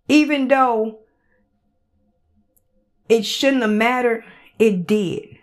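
A woman's voice: sits high, animated, takes it slowly, pauses often. A woman hosting a podcast, ranting in a heated, blunt and profane way and repeating phrases for emphasis. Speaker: podcast host. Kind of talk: solo commentary rant.

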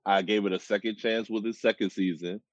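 Male podcast co-host, laid-back, low and slow delivery, dull dry lo-fi recording. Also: fairly even intonation, no room sound. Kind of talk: casual chat.

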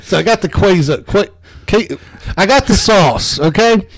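A man tells a comedic story on a podcast, animated and quick to swear. His voice sits fairly high and sounds dry and close to the mic. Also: dry recording. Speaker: podcast co-host. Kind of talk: casual comedic chat.

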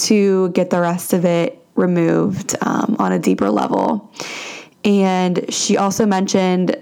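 A young woman casually telling a personal story as a podcast host, chatty and animated, full of "like" and asides. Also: mid-range voice, gravelly. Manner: chatty, animated retelling with frequent "like" and "lo and behold".

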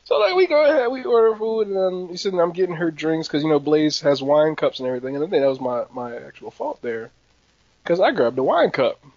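A young man spins a funny story in casual conversation, his voice swinging up and down as he acts out what people said. It sits a little high. The recording is dry and a bit muffled. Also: a little fast, dry recording. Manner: animated storyteller, laughs often, acts out quotes. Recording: dry, slightly dull sound.

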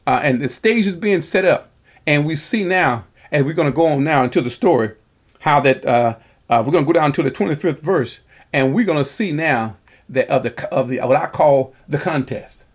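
A man's voice: fairly high pitch, expressive. A man preaching a sermon, rambling and often repeating words as he works through scripture. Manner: rambling, repeats words, pauses to find passages.

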